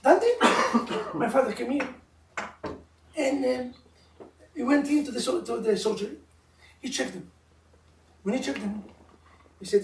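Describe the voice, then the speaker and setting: A man's voice: extremely high pitch, a little fast, pauses often. A middle-aged man with an Israeli accent, a rabbi teaching a couples class, telling stories animatedly in broken English. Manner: animated storytelling, mimics voices, broken English. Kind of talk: informal religious class with stories. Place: room of a live-streamed class. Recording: echoey room, distant mic, faint noise.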